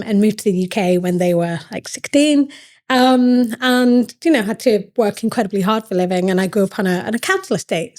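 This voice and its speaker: A woman's voice: mid-range voice, a little mellow. A woman from the north of England, a CEO guest on a podcast, telling her story in an earnest, reflective way. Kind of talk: podcast interview conversation.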